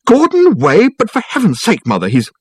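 A man's voice: very animated, fairly quick, husky, dry recording, clean studio sound. Man doing a sputtering spoiled grown son. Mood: flustered indignant. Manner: sputtering, indignant, raised pitch.

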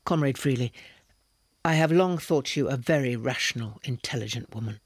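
A man voicing an awkward, earnest young male revolutionary who speaks in a ponderous, hesitant monotone. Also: mid-range voice, normal speed, husky, no echo.

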